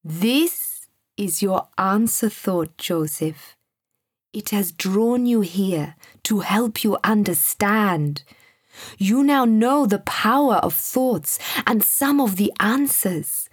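A woman reading the lines of a kind, wise male guide, speaking in a soft, gentle voice. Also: mid-range voice, lively intonation, slow pace, husky, dry recording, studio quality.

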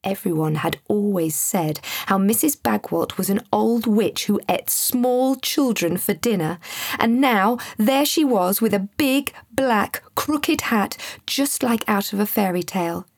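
A woman narrating a children's storybook in a gentle, expressive way. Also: medium pitch, unhurried, gravelly, husky, dry recording, clean studio sound.

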